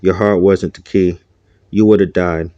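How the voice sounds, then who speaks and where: A man's voice: low voice, steady tone, measured pace, mellow, no room sound, lo-fi sound. A man voicing a bitter young man who claims he was the rightful heir, speaking in a resentful, accusing way.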